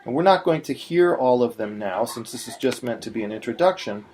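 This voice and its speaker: A man's voice: mid-range voice, expressive, a little fast, background noise. A man teaching in a patient, explanatory way, now and then breaking into short sung syllables. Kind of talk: screen-recorded tutorial.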